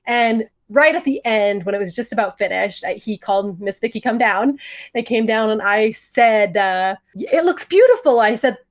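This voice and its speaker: A woman's voice: medium pitch, normal speed. Wry woman co-hosting a chatty podcast. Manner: laughs often, wry self-mocking anecdotes. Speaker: podcast co-host. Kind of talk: casual storytelling chat.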